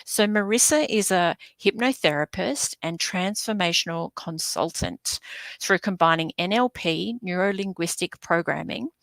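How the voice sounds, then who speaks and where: A woman's voice: fairly low pitch, moderate pace, creaky, a bit bright, no echo. A woman from Sydney with an Australian accent, hosting an online business event over a video call with chatty fillers and small stumbles. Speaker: event host.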